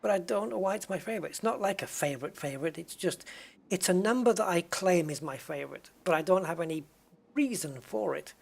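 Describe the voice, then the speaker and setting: This streamer's husky voice sits high, with vocal fry and lively intonation, and he speaks a little fast. Playing a space game, he chats loosely with his audience, rambling, mocking himself, and reading out and responding to their messages.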